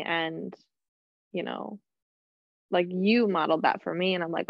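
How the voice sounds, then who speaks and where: A woman's voice: fairly low pitch, fairly even intonation, measured pace, vocal fry, long pauses, no echo, muffled recording. A woman in casual podcast chat, giggling often and filling her talk with "like". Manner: giggly, filler-heavy talk with many "like"s.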